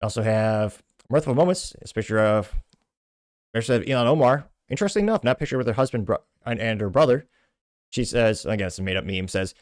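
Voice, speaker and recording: Fast-talking man hosting commentary. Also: fairly low pitch, no room sound, studio quality. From Texas. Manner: quick, opinionated, frequent restarts. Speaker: host. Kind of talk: political commentary reading social media posts.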